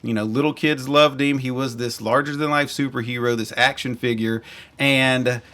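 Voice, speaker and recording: A man hosts a podcast in casual, enthusiastic chat, rambling and correcting himself as he goes. His mid-range voice has fairly even intonation, normal speed, and a fairly bright tone.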